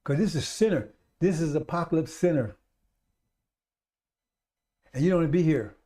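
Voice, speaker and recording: A man preaches on the radio in a fervent, repetitive street-preacher style, addressing listeners as brothers and sisters and building to loud exhortations. His voice is fairly high, and he keeps a moderate pace.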